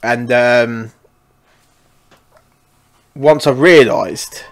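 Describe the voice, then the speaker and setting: A man's voice: medium pitch, very slow. Man, podcast co-host, casual chat, swears a lot, rambles, um-filled.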